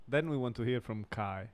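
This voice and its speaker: A man hosting a casual interview chat. He is opinionated and blunt and often interrupts. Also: medium pitch. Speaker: host.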